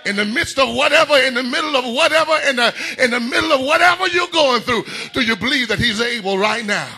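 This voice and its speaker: Husky high preacher guy, bright tense voice, hollers and sings his lines in church. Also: animated, fast. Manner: whooping call-and-response preaching, rising into shouts. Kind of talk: sermon.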